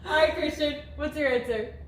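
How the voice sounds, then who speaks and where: A woman's voice: high voice, moderate pace. A woman co-hosting a party game in casual chat, giggly and a little nervous. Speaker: co-host playing a party game. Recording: roomy room with faint noise.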